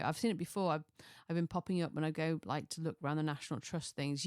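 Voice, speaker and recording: A woman's voice: low-pitched, fairly even intonation, brisk, hardly any pauses, darkish tone, dry recording, clean studio sound. A middle-aged woman from Chester, chatting casually through a list of ideas, rambling and restarting with chuckling asides. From Chester, England. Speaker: lifestyle vlogger.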